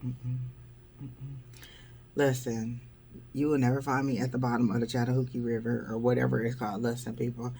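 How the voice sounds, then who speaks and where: Woman ranting about dating on her vlog, kinda gravelly, blunt and fed up. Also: very deep voice, flat delivery, quick pace, mellow, a little hiss or hum. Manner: wry, blunt, exasperated, peppered with "blah, blah". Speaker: vlogger. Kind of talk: casual storytelling vlog.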